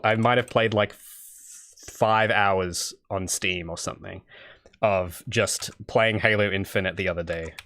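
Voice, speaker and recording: A man's voice: lowish voice, fairly bright tone. A young man from Australia chatting casually on his game dev livestream, rambling and answering chat. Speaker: indie game developer streaming.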